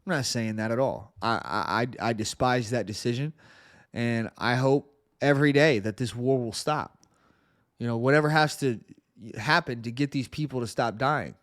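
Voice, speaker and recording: A man's voice: mid-range voice, normal speed, fairly bright tone, no room sound, studio quality. A male podcast host giving earnest political commentary, often repeating words as he presses a point.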